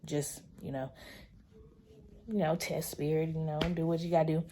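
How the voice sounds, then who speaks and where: A young woman vlogger talking casually and earnestly to her viewers, calling them y'all and sometimes dropping into soft whispered asides. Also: low voice, flat delivery, normal speed, noisy background. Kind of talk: casual chat to camera.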